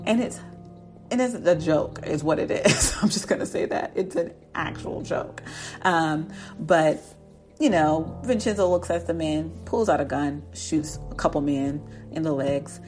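A woman's voice: low-pitched, measured pace, darkish tone, faint music behind. Chatty woman recapping a drama. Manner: chatty, laughs often, acts out characters' lines. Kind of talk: casual episode recap.

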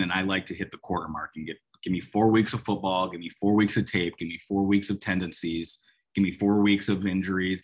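A man's voice: low voice, a bit bright. A man hosting a solo football podcast, talking in a rambling, emphatic, opinionated way with sarcastic asides. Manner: rambling, emphatic, restarts a lot. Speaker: sports podcast host. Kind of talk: casual solo football analysis.

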